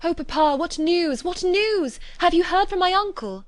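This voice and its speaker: A woman voicing an eager young woman who presses for news in a breathless, high rush. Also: wildly swooping pitch, moderate pace, gravelly, fairly bright tone, breathy edge, no room sound, heavily acted.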